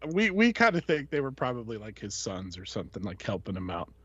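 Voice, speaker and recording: A man co-hosting a podcast, telling a story in an animated way and laughing often. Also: on the low side, fairly quick, breathy edge, no room sound, muffled recording. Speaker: podcast co-host. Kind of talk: casual chat.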